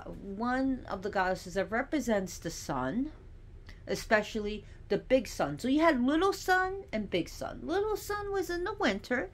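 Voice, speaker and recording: A woman giving a casual teaching monologue, chatty and digressive, with sassy asides. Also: fairly high pitch.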